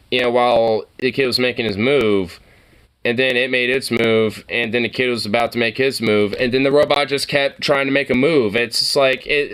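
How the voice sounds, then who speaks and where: A man's voice: mid-range voice, fairly bright tone, smooth. A man streamer doing casual, rambling reaction commentary, swearing and laughing often.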